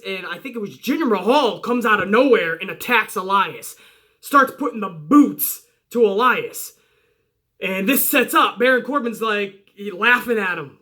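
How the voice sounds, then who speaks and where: A man reviewing a wrestling show in a casual, excitable recap, often acting out what the people on it said. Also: high voice. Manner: excitable, acts out quotes from the show.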